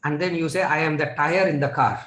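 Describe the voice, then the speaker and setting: A man's voice: on the high side, racing, fairly bright tone, roomy sound, low-quality recording. A man with a Tamil-influenced Indian English accent gives a spiritual lecture. He repeats his key lines and asks the listeners rhetorical questions. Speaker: Vedanta teacher.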